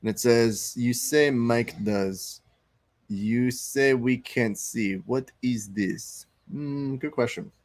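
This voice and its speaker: A man's voice: mid-range voice, slow pace. A man hosting a live stream, chatting loosely, reading viewer comments aloud and commenting on fights. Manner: loose, chatty, swearing, reads chat aloud.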